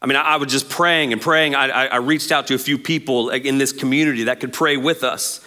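A man, preaching a sermon as pastor in an animated, jokey way and acting out quotes. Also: mid-range voice, brisk.

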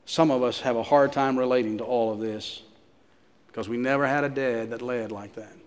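A pastor preaching a sermon, telling a story and repeating phrases for emphasis. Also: male voice, mid-range voice, steady tone, a little fast, clear, resonant tone, big-room sound.

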